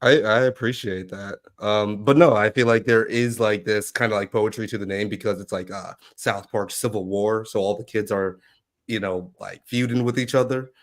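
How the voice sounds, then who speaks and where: A man's voice: fairly low pitch, fairly even intonation, normal speed. A man chatting on a casual podcast, rambling with many filler words.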